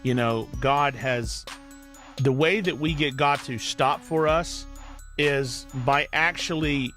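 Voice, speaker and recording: A man's voice: medium pitch, takes it slowly, a bit bright, soft background music. A man co-hosting a radio talk show, emphatically encouraging listeners and repeating his points for weight. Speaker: co-host. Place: radio studio.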